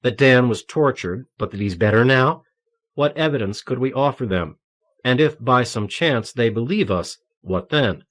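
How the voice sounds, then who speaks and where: A male audiobook reader voicing a gentle young priest who speaks softly and earnestly. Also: lively intonation, normal speed, lightly acted. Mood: reasoning. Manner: soft, low and consoling.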